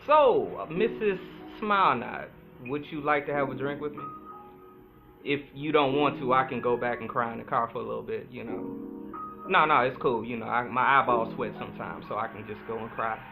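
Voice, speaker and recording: A man playing a witty, self-mocking guy charming a woman at a club, speaking dry and sarcastic at a calm pace. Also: medium pitch, moderate pace, gravelly, voice pushed down, close to an everyday voice. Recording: phone-like sound with music behind.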